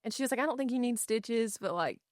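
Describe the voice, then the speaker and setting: A woman co-hosting a podcast in casual chat, telling stories with lively acted-out quotes. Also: on the high side, fast, no room sound, studio quality. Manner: animated storyteller, acts out quotes. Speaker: podcast co-host.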